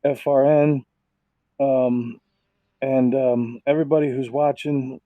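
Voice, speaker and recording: A man's voice: mid-range voice, level tone, slow pace, no echo, narrow, tinny audio. A man, a sim racing driver recovering from illness, giving heartfelt, rambling thank-yous over voice chat.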